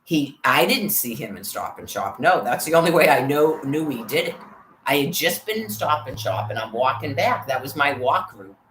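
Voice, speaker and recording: A woman's voice: a bass voice, sing-song, moderate pace, fairly bright tone. A woman vlogger telling a rambling, profane story about being harassed, in an agitated way. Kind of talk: rambling personal rant. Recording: roomy with faint background noise.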